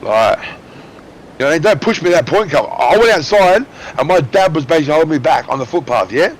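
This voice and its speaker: A man in his thirties with an Australian accent, loudly telling a story on voice chat while gaming, swearing heavily. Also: on the high side, fairly quick. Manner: loud, excitable, heavy swearing. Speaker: gamer on voice chat. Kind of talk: casual chat telling a story mid-game.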